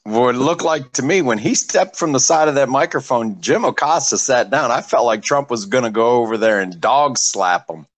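A man on a talk show telling a story in an animated, incredulous way. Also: mid-range voice, normal speed, hardly any pauses. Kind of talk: casual talk-show chat.

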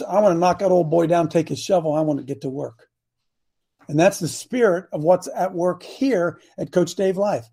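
A man's voice: high-pitched, warm tone, slightly rough. A man preaching a sermon as a coach, folksy and emphatic, retelling Bible stories in slang.

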